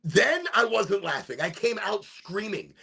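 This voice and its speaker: A middle-aged man from Chicago telling a rambling story on a live stream, animated and swearing, with sudden shouts when he acts out voices. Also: high-pitched, measured pace. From Chicago, USA. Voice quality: gravelly and husky. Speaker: streamer hosting a smoke session.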